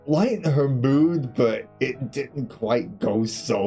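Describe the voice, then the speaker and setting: A man's voice: medium pitch, takes it slowly, dark tone, breathy edge, faint music behind. A man streaming a game, telling candid, profane stories from his childhood and laughing through them. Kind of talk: casual storytelling between game segments.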